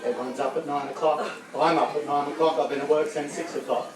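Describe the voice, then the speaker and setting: A man's voice: on the high side, fairly even intonation, fast talker, over music. A man giving a rambling, self-deprecating speech to a crowd, getting choked up. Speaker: speaker at a farewell gathering. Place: large room with a crowd. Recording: echoey hall, mic from far off.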